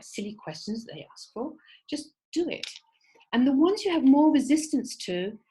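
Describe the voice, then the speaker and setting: In a low-quality recording, a woman with a slightly high, warm voice leads an online creativity workshop. She encourages her listeners as she instructs them, checks in with a repeated "okay?", and voices the characters when she tells a fable.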